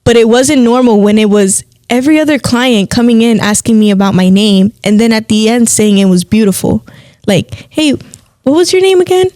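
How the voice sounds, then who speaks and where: A woman's voice: fairly high pitch, a little fast, few pauses, dry recording, clean studio sound. A woman co-hosting a podcast, telling a faith testimony in casual chat and acting out the voices of people she quotes. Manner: animated storyteller, acts out quoted voices. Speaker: podcast co-host.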